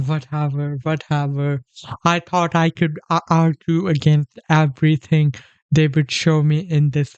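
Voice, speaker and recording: A man's voice: a little high, clear, resonant tone, no echo. A man doing sarcastic reaction commentary, mocking fear and repeatedly breaking into laughter, swearing often. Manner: sarcastic mock terror, keeps breaking into laughter. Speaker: streamer reacting to videos. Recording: slightly dull lo-fi audio.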